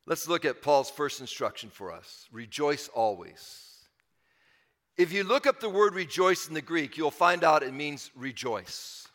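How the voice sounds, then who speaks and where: A man's voice: fairly high pitch, sing-song, unhurried, a bit bright, big-room sound. A man preaching a sermon in an earnest, conversational way, repeating phrases and building to emphatic swells. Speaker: pastor.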